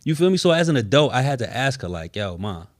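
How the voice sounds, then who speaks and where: A man's voice: fast, no echo, studio quality. A young adult man, hosting a casual podcast chat and acting out quotes with big swings in voice. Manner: animated storyteller, acts out quotes with big pitch swings. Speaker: podcast host.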